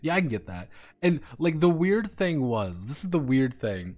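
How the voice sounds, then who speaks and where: A man streaming, chatting casually and rambling through profane, animated tangents over faint background music. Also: on the high side, moderate pace. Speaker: streamer and game designer.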